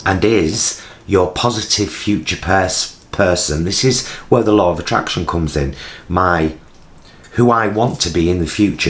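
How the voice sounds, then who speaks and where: Sitting low in pitch, this British man's voice comes from his home kitchen, where the forties-aged vlogger rambles casually and mocks himself while talking to his vlogging camera.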